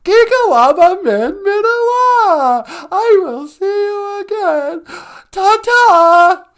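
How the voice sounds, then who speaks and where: A man's voice: animated, a bit bright, full character voice. A man doing a giddy shrieking starlet. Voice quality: high shrieky squeal, drawn-out words. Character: bubbly starstruck young woman, giddy and shrill. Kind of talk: comic phone-call impression.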